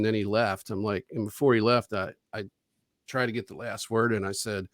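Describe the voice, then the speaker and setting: A man's voice: on the low side, fairly even intonation, fairly quick, fairly bright tone, no room sound. Guy rambling through a story on a video call, swears a lot, dry close sound. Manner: rambling, profane, with frequent restarts and quoted dialogue. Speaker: interview guest. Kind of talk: casual storytelling.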